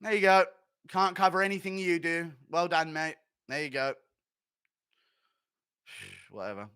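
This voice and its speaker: A man's voice: on the high side, a little slow, sharp tone, clear, resonant tone, no room sound. A man ranting in casual commentary, profane and mocking, often laughing at his own jokes. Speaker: MMA commentator and streamer.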